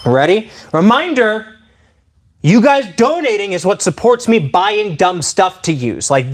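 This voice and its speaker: A man live-streaming a demonstration of improvised weapons. He talks to his chat in an excitable, playful way. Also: sits high. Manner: excitable and playful, addressing viewers directly.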